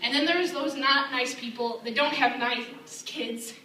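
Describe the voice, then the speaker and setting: High-voiced young woman doing stand-up. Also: unhurried. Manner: deadpan storytelling, acting out dialogue with a raised voice. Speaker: stand-up comedian. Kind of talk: stand-up comedy set. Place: comedy club stage. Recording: roomy, distant mic with crowd laughter. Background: audience laughing.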